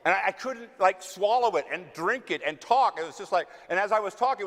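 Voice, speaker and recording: A man with a light Texan twang tells stories from a theater stage, self-deprecating and playing out every voice he quotes. His pitch swings freely, and a long hall reverb trails each phrase. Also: brisk, a little hiss or hum. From West Texas. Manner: animated, self-mocking, acts out quoted voices. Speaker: actor answering audience questions. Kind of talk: casual storytelling Q&A.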